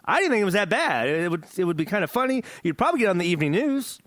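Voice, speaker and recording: A man's voice: sits high, big pitch swings, very fast, fairly bright tone, no room sound. A man hosting a gaming podcast in casual chat, joking, rambling and swearing. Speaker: podcast host.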